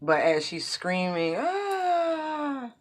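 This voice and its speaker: A woman's voice: deep voice, measured pace. A woman giving a casual tarot reading, rambling with many asides and fillers. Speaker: tarot reader.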